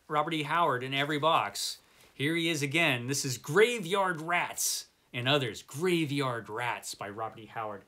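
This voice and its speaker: Man, book channel host, bright forceful voice, rambling chatty delivery. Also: mid-range voice, moderate pace. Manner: rambling, chatty, self-deprecating. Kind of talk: casual book tour vlog.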